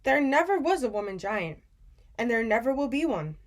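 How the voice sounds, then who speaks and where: A woman doing a booming, drawn-out old giant. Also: big pitch swings. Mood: musing. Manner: booming, drawn-out, ungrammatical folksy speech. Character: very old kindly male giant who jumbles words. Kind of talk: audiobook reading.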